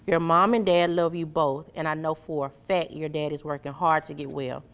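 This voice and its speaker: Storybook hero, gentle caped man, steady and encouraging, lowish voice, read by a woman. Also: moderate pace, clear, resonant tone. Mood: reassuring. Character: kind caped male superhero, gentle and reassuring.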